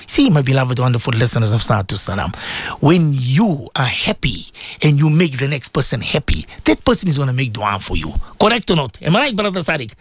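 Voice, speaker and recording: A man's voice: a little high, animated, fast, breathy edge, dry recording. A man, preaching on the radio and repeatedly appealing to his listeners with rhetorical questions. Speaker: radio presenter and Islamic preacher. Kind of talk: radio sermon talk.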